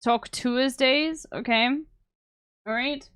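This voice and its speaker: A woman's voice: high-pitched, slow pace, a bit bright, clear, resonant tone, dry recording, clean studio sound. A woman streamer chatting to her viewers while reacting to a podcast, often tagging "okay?" onto her sentences. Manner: chatty, talks to her chat with repeated "okay?". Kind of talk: casual reaction commentary.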